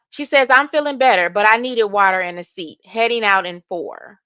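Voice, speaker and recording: Bright-voiced woman hosting livestream commentary. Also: medium pitch, a little fast, hardly any pauses, no room sound. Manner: reads text messages aloud and reacts with opinion; addresses viewers directly as y'all.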